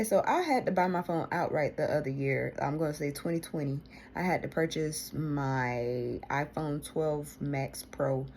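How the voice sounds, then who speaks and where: Low, gravelly woman venting casually. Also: slight background noise. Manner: animated, exasperated, swears freely. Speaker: vlogger. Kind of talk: casual diary-style venting.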